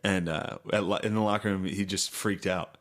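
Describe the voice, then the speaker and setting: A young man with a low-pitched voice trades crude, laid-back stories with a friend. He talks casually as a podcast co-host, now and then bursting into a yelled impression. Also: steady tone, normal speed. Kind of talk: casual chat.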